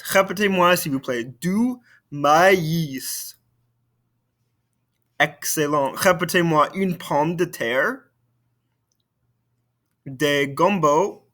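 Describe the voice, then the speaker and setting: A man's voice: a little high, pushed and bright. A man teaching a recorded French lesson, patiently saying vocabulary for students to repeat.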